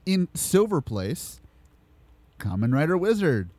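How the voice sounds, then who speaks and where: A man hosting a casual podcast, swearing, laughing often and slowing down to announce award results. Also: fairly high pitch, very animated, darkish tone, dry recording. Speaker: podcast host.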